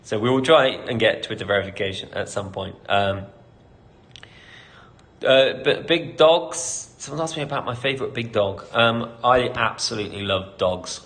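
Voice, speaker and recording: A man's voice: lowish voice, fairly bright tone. A British man, a company CEO, hosting a casual live Q&A, reading out questions and answering candidly with lots of ums and light laughter.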